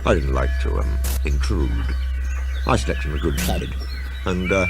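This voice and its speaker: A man doing a brisk, impatient engine. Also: lowish voice, wildly swooping pitch. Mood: evasive. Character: brisk proud male tank engine. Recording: loud music underneath.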